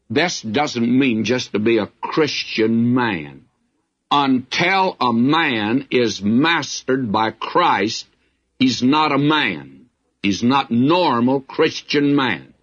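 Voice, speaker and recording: A man's voice: medium pitch, a bit bright, dull audio. A man preaching a verse-by-verse sermon as a Bible teacher, in a folksy way with frequent asides.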